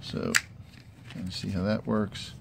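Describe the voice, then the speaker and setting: A man giving a casual, halting product review with many fillers, filming on a handheld camera. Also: sits low, wildly swooping pitch, vocal fry, very noisy. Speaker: gun hobbyist reviewer. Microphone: handheld camera mic.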